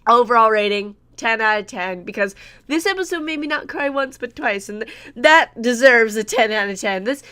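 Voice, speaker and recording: A woman's voice: a little high, lively intonation, moderate pace, pushed and bright, clear, resonant tone. A woman reviewing an anime episode in a casual vlog, gushing and emotional and full of fillers like "like" and "man.".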